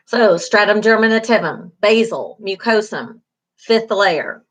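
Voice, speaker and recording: A woman's voice: mid-range voice, unhurried. Woman teaching a skin lesson. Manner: encouraging, repeats key terms, many fillers. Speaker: beauty school instructor. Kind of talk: online class lecture.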